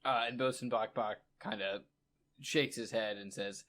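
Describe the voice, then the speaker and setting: A man playing a tabletop game, talking casually with quick asides. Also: mid-range voice, steady tone, fairly bright tone. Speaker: player.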